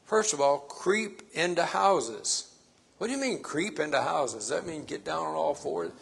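A man's voice: fairly high pitch, expressive, normal speed, creaky, fairly bright tone, slightly rough. A man preaching a sermon, stressing his points by repeating phrases.

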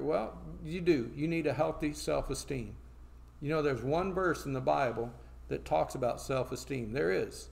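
A man preaching a sermon, reading scripture slowly and then explaining it in plain talk, asking and answering his own questions. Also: on the high side, vocal fry, darkish tone.

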